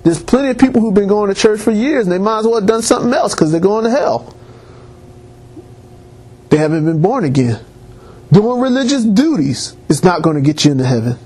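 A male preacher delivers a sermon in a husky voice. His pitch swoops widely as he drives his points home, climbing to emphatic peaks. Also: a little mellow.

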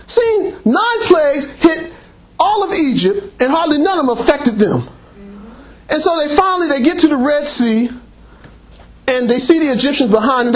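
High-voiced, animated male preacher. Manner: animated storytelling, mocking, exhorting. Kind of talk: sermon.

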